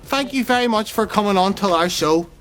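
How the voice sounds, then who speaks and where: A man's voice: high voice, lively intonation, brisk, fairly bright tone, faint music behind. A man hosting a comic radio show, teasing his guest in a cheeky, childish way.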